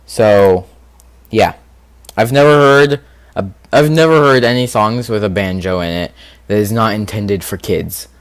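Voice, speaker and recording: Male gaming video host, mid-pitched, casual and rambling, thinks aloud with fillers. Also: dry recording. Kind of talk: casual commentary on a quiz game.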